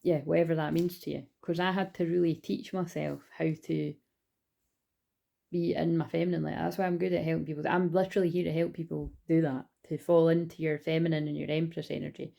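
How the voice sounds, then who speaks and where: A woman's voice: low-pitched, level tone, brisk, gravelly, warm tone. A Scottish woman giving a casual, rambling spiritual card reading, chatty and swearing now and then.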